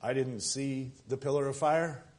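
A man preaching a sermon as pastor at a church service, swinging from loud emphatic lines to soft, hushed ones. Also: medium pitch, fairly even intonation, unhurried.

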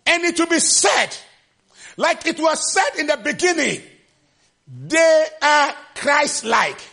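A man preaching a sermon with passion, shouting refrains and acting out the scripture quotes. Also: animated, unhurried, gravelly. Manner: acts out quotes with sudden pitch jumps.

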